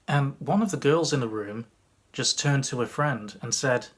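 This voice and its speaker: Lively male magician telling a story. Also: medium pitch, breathy edge. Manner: lively, conversational, with quick bursts. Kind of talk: storytime vlog narration.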